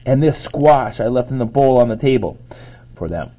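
A man's voice: medium pitch, lively intonation, moderate pace, dark tone, lightly acted. A man reading a children's book aloud, voicing a worried, flustered middle-aged mother.

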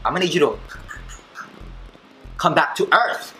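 In an echoey room with music playing, a young vlogger banters casually with his mom, sassy and teasing and swearing often. His slightly high voice is expressive, bright and forceful at a normal pace.

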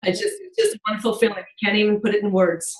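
A woman's voice: medium pitch, sing-song. Emotional woman in an echoey room. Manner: emotional, halting. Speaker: former player.

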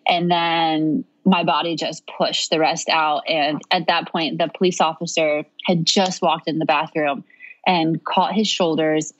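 A woman's voice: deep voice, flat delivery, a little slow, lo-fi sound. A young woman telling a personal story in conversation, earnest and rambling with many fillers. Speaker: podcast guest.

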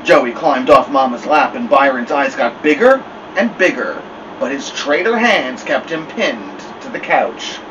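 Man reading a story aloud with lively pitch. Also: a little slow, distant mic, dull audio, noisy background. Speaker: storybook reader.

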